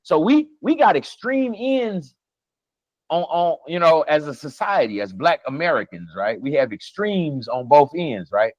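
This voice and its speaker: A man argues hard in a casual conversation. He swears freely and breaks into laughter often. His voice sits high for a man, and the recording is dry and close. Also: sing-song, a little slow, no room sound, low-quality recording. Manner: emphatic, profane, laughing often. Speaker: podcast co-host.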